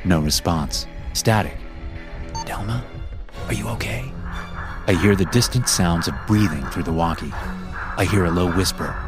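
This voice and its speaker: A man narrating a first-person horror story in a slow, measured, suspenseful way, as the host of his own story channel. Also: deep voice, music in the background.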